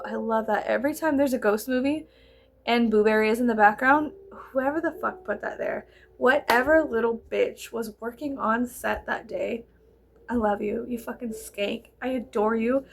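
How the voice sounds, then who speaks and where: A woman in her thirties chatting casually while doing her makeup, animated and laughing, swearing freely as she tells stories. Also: fairly high pitch, creaky. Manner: animated, swearing, giggly storyteller. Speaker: vlogger. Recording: music playing behind.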